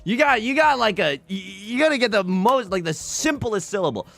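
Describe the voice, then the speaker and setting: A man's voice: high voice, moderate pace, creaky. A man livestreaming and chatting casually, telling rambling stories full of restarts, swearing and asides. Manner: rambling animated storytelling with many restarts and swearing.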